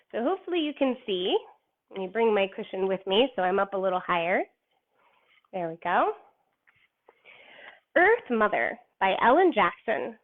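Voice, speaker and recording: A young woman teaching yoga to children and reading them a story in an encouraging, sing-song way. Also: medium pitch. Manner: encouraging, slow and sing-song when cueing poses. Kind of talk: gentle yoga instruction and storybook reading for kids. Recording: tinny phone-like sound.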